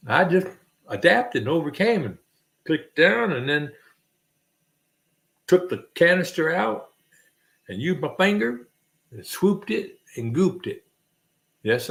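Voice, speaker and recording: A man with a slightly high, gravelly voice chats casually as a livestream host. He spins a rambling, jokey story and acts out clicking noises as he goes.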